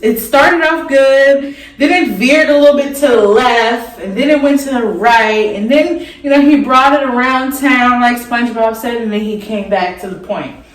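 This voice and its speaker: A young woman vlogger telling a story in a chatty, rambling way while doing her makeup, with lots of "like" fillers. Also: fairly high pitch. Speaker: beauty vlogger. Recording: echoey room, mic at a distance.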